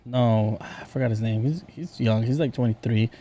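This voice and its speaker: A man's voice: mid-range voice, moderate pace, dark tone, slight background noise. A man from Southern California co-hosting a casual sports podcast, arguing his picks with opinionated banter. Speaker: podcast co-host.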